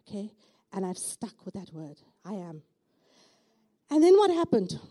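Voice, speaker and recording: Speaking at a medium pitch with wide swings in intonation, this middle-aged woman with a South African accent gives her testimony in church. Her tone is warm and her pace unhurried, yet she stays emphatic, repeatedly checking in with listeners by asking "okay?"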